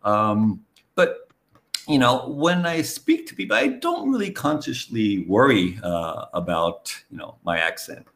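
A man's voice: fairly low pitch, very animated, measured pace, creaky, a bit bright. A middle-aged man from New York, a guest and English teacher, talking casually in an interview with lots of fillers like "okay" and "you know". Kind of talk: conversational interview.

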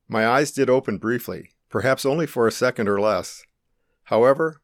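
Man, middle-aged, low voice, dry close sound, earnest reflective testimony narration. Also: dry recording. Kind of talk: first-person testimony narration.

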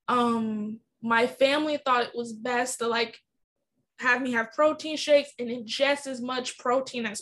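A woman's voice: high voice, a bit bright. A young adult woman hosting a podcast, telling a personal story in an earnest, emotional and candid way. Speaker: podcast host.

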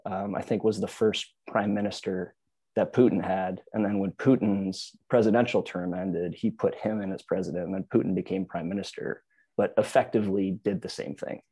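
Low, husky man telling stories. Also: steady tone, normal speed, mellow, no echo. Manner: rambling storyteller, many "like"s and restarts. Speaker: podcast co-host. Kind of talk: casual chat.

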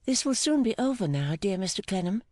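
A woman reading the part of a gentle, timid young woman, speaking softly and hesitantly with deep affection. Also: sing-song, brisk, no room sound, clean studio sound. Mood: tender. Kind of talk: audiobook dialogue reading.

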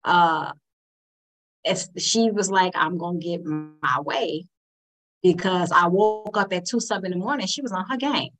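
A woman co-host chatting in a relaxed, casual way. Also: mid-range voice, moderate pace, soft background music, low-quality recording. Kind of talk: casual chat.

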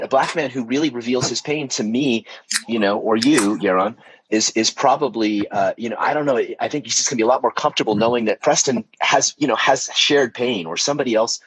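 A man speaking on a panel in a candid, halting way, often repeating words as he thinks. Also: medium pitch, a bit bright, breathy edge, no echo, poor audio. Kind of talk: casual panel discussion.

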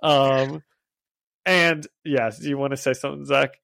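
A man co-hosting a casual podcast, recapping comics in an animated way and laughing often. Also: mid-range voice, a little slow, gravelly, no room sound. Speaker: podcast co-host.

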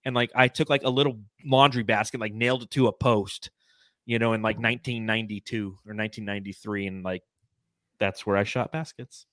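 Bright-voiced man telling stories on a podcast. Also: on the low side, fairly quick, dry recording. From California. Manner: storytelling, laughing often, animated. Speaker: podcast co-host. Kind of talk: casual sports podcast chat.

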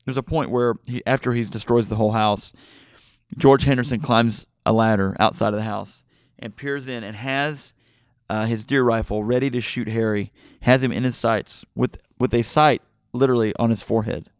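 A middle-aged man hosting a podcast, retelling a movie plot in a rambling, excitable way with many fillers and restarts. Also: medium pitch, normal speed, no echo, clean studio sound. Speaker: podcast host. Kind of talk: casual movie podcast chat.

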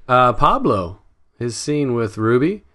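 A man's voice: mid-range voice, sing-song, slow pace, bright, forceful tone. A man co-hosting a casual podcast chat who is self-deprecating and acts out his own past reactions. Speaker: podcast co-host.

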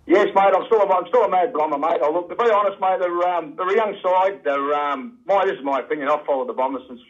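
A man's voice: high voice, fast talker, highs cut off. An older man with an Australian accent, calling in to a radio show and rambling in casual chat, calling people "mate" again and again. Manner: rambling, says "mate" constantly. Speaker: radio caller.

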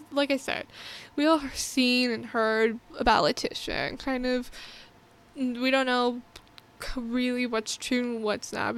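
A woman's voice: fairly high pitch, fairly bright tone, clear, resonant tone. A woman talking through a movie review in a casual vlog, heartfelt and rambling, often restarting her sentences.

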